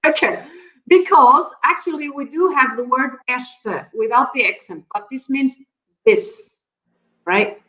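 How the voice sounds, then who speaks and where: A woman gives a live online lesson, explaining things patiently and laughing often. Her voice sits a little high, and it comes through a muffled video call with a lot of room echo. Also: unhurried, fairly bright tone. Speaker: Portuguese teacher.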